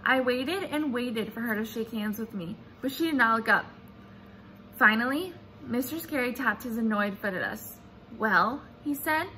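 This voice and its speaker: A woman reads a children's chapter book aloud with expressive, animated storytelling. Her voice sits high and bounces through a wide range. The tone is bright and clear. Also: normal speed, slight background noise. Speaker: reader.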